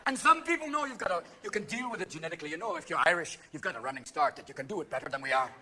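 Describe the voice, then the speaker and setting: A man's voice: on the high side, expressive, very fast. A man doing stand-up comedy on a theater stage, manic and profane, jumping between voices. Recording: live show, loud audience noise.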